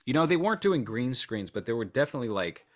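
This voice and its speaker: A man's voice: mid-range voice, very animated, quick pace. A man co-hosting a podcast, talking in a rambling, sarcastic, joking way. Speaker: podcast co-host. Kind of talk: casual chat.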